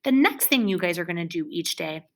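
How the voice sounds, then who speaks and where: A woman's voice: lowish voice, expressive, a little fast, a bit bright. A woman teaching young children in a recorded lesson, with an encouraging, exaggerated teacher voice.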